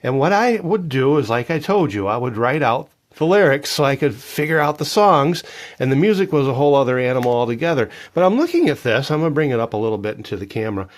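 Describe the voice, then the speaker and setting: A man in his fifties chatting casually about his record collection, jokey and animated. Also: medium pitch, fast. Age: 50s. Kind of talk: casual show-and-tell vlog.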